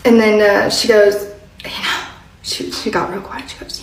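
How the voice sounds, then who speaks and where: A woman telling a story casually, chatty, laughing often and dropping to a hush when she quotes someone. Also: mid-range voice, little pitch movement, moderate pace, roomy sound, far from the mic, a little hiss or hum, rough recording. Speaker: social media commentator.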